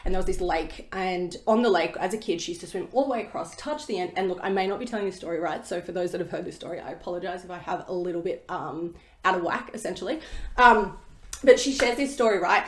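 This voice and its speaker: A woman's voice: on the low side, fast, fairly bright tone. A woman hosting a solo podcast, talking bluntly and emphatically and swearing casually. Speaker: podcast host. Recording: roomy echo.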